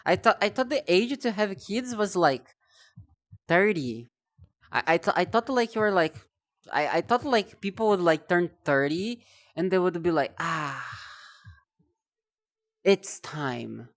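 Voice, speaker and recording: A woman's voice: on the low side, animated, unhurried. A young woman streaming live, chatting casually in a rambling, self-deprecating way, often stumbling over and repeating her words.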